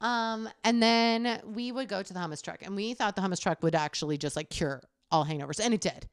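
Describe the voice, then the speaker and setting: A young adult woman co-hosting a podcast, animated and profane as she tells a story in casual chat. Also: medium pitch, brisk, clean tone, no echo. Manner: animated, swearing, laughs while telling. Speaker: podcast co-host.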